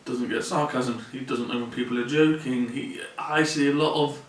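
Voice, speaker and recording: A man's voice: mid-range voice, steady tone, moderate pace. Man, distant and roomy. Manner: earnest, plainspoken, repeats phrases. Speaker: vlogger. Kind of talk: personal confessional vlog. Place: room in his mother's home. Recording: roomy sound from a distant mic.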